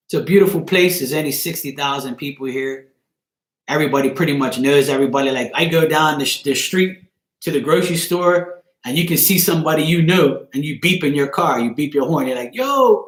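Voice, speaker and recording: A Bermudian man chatting casually on a live stream, joking and swearing offhandedly as he answers viewers by name. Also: mid-range voice. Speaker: live streamer reading chat. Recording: echoey room.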